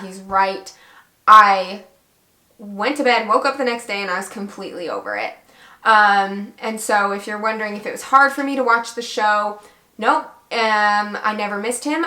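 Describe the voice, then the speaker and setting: Young woman, bright voice, chatty storyteller who acts out the quotes herself, recorded in an echoey room. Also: medium pitch. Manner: chatty, animated retelling with quoted dialogue. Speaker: vlogger. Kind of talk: casual storytelling.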